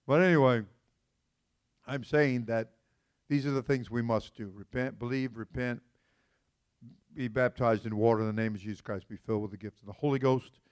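A man in the pulpit as senior pastor, talking with his congregation more than at it. He slips into folksy, joking asides and then comes back to his point. His voice sits at an ordinary middle pitch. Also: fairly even intonation, moderate pace, pauses often, clean tone. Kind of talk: conversational sermon. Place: church sanctuary.

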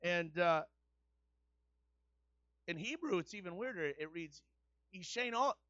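A man preaching a sermon, shifting from a conversational, folksy delivery to loud, repetitive exhortation. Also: sits high, animated, a little slow, dry recording, dull audio. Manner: builds to loud, repetitive call-and-response preaching.

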